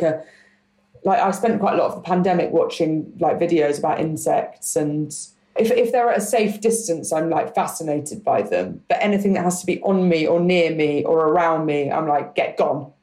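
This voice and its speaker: A young woman talks freely as a podcast guest, animated and loaded with fillers. Her voice sits a touch low, and the recording rings with a roomy echo. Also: normal speed. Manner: animated, many fillers, swearing. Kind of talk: casual chat.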